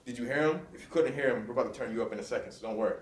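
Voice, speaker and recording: A man giving a motivational speech to students, leading loud call-and-response chants. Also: medium pitch, very fast. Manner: energetic call-and-response, hyping up the crowd. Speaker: guest motivational speaker. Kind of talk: motivational school assembly speech. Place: large school hall with a student audience. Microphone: recorded from a distance. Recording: echoey hall, distant mic, faint noise.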